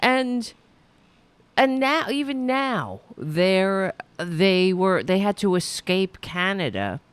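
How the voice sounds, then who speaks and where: A woman's voice: medium pitch, sing-song, slow pace, smooth, dry recording. A woman hosting her own livestream show, talking casually to her viewers in a rambling, profane way with sudden emphatic rises. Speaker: show host.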